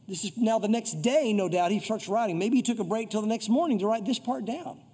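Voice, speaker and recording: A high-pitched, husky man preaches an informal sermon with a mellow tone. He slips into quoted voices for prayers and scripture. His voice rings out with the long reverb of a hall. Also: brisk. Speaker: pastor. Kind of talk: conversational sermon.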